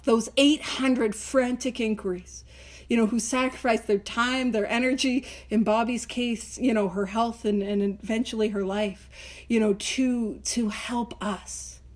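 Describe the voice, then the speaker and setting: A woman's voice: a little high, steady tone, normal speed, a little mellow. A woman hosting a podcast book study, reading passages aloud and chatting with playful, joking asides. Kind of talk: casual chat reading and commenting on a text.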